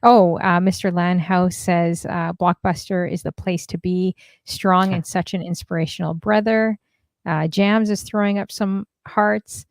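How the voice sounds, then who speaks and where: A woman's voice: on the low side, steady tone, measured pace, hardly any pauses, dry recording, clean studio sound. A woman hosting a casual livestream, chatting and reading viewer messages aloud with lots of fillers. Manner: chatty, many fillers, reads comments aloud. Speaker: stream host.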